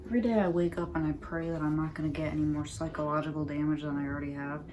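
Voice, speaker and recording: A woman's voice: sits low, steady tone, rapid-fire, darkish tone, a little hiss or hum. A woman in her twenties, a vlogger talking casually to her phone on a tripod at home, rambling with lots of "like" and sarcastic, profane asides. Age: 20s. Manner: chatty, frequent "like", sarcastic and profane. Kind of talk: casual rambling chat to camera.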